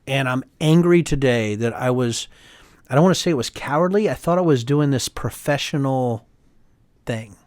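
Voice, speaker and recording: A man's voice: mid-range voice, moderate pace, a little mellow, no echo, clean studio sound. A middle-aged man, a congressman and author, talking as an interview guest in a heated, emphatic way, tagging his points with "right?". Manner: emphatic and heated, quotes others in voices, sprinkles "right?". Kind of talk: animated interview talk.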